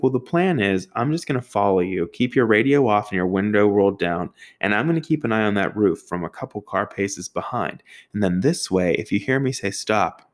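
A young man telling a casual, profane anecdote, acting out other people's voices and sound effects with a self-mocking manner. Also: deep voice. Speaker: storyteller.

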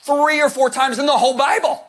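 High-voiced animated male preacher. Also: brisk. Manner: animated, shouts for emphasis; rambling with restarts, jokey asides. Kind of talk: sermon.

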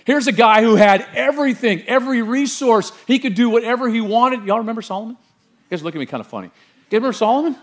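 A middle-aged man pastor preaching an animated sermon and quizzing the congregation with questions. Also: extremely high pitch, quick pace.

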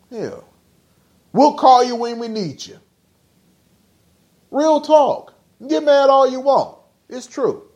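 Male podcast host with a high, animated voice who rants bluntly and profanely, firing off rhetorical questions. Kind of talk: casual podcast rant.

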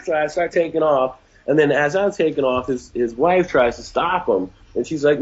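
A man's voice: fairly high pitch, moderate pace, few pauses, husky, lo-fi sound. A man telling a wild story in a casual, profane, laid-back way, peppered with "man" and "like". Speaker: guest storyteller.

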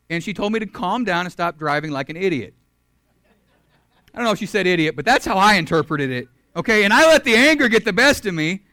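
Young guy preaching, earnest, slightly high voice, goes loud then real soft, dry close mic. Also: no room sound. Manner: earnest, swings from loud emphatic to soft and quiet. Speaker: campus ministry speaker. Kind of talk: sermon.

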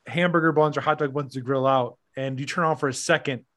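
A man telling a funny story in a casual, profane podcast chat, animated and laughing often. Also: medium pitch, fairly quick.

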